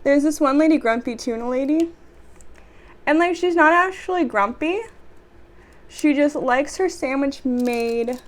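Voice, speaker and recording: High-voiced young woman venting sarcastically. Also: a little slow. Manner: sarcastic, exasperated venting with sighs. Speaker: vlogger. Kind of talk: casual storytelling chat.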